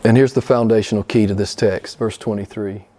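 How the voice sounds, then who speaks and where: A middle-aged pastor preaching a sermon, emphatic and questioning his congregation, jumping high in pitch when he quotes people. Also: fairly even intonation, a little fast, warm tone. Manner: emphatic, rising high when quoting others.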